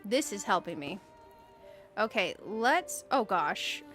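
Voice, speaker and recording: A woman's voice: mid-range voice, big pitch swings, takes it slowly, fairly bright tone, faint music behind. A woman streaming a game, chatting casually, giggling often and greeting viewers by name. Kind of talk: casual live-stream chat while playing.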